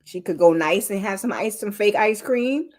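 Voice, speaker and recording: A woman's voice: medium pitch, animated, moderate pace, darkish tone. A woman taking part in a casual live-stream discussion. She speaks emphatically and conversationally, stretching her phrases out as she makes her point.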